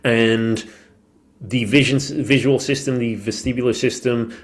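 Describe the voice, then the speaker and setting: A man's voice: mid-range voice, fairly even intonation, measured pace. A man hosting a podcast on movement who is losing his voice, talking loosely and thinking aloud with plenty of fillers. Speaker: podcast host and movement coach. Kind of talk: casual solo podcast talk.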